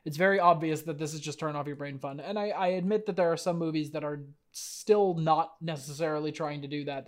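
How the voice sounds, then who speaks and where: A man hosting a podcast in casual chat, rambling and hedging with many "like"s and restarts. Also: on the high side. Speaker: podcast host.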